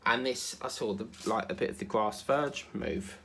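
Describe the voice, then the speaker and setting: He has a lowish, fairly bright voice and talks at a moderate pace, with a little hiss or hum audible. This man from England speaks with an Essex accent shaded by South African as he rambles through his craft work on a diamond painting vlog. His manner is chatty and meandering, loaded with fillers and asides.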